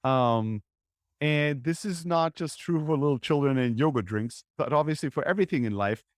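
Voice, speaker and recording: A man's voice: fairly high pitch, normal speed, no room sound, studio quality. A man hosting his own podcast, telling a personal story in an earnest, reflective way and often checking in with "right?". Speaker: podcast host.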